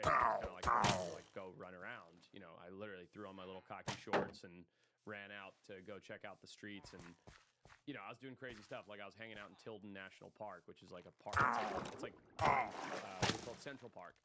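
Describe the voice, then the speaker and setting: A man in his thirties, raised in Zimbabwe, telling his story as a podcast guest in a chatty way, with lots of fillers. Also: on the low side. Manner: rapid, chatty, frequent fillers. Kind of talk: casual storytelling. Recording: loud background noise with clicks.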